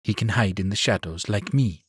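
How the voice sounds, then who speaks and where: A man's voice: lowish voice, moderate pace, husky, dry recording, clean studio sound. A man doing a chortling sly outlaw woman. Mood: amused. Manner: amused, chortling.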